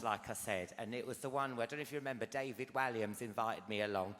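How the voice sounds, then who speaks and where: A man's voice: mid-range voice, fast. A man in his forties performing a stand-up comedy routine, telling stories animatedly and confidingly, with frequent tag questions to the audience. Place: large theatre stage. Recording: live theatre, roomy with loud audience. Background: loud audience laughter.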